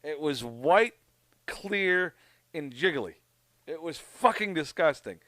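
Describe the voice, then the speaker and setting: A man from Canada telling a story in casual chat on a podcast, profane and animated. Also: fairly high pitch, takes it slowly, no room sound. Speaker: podcast co-host.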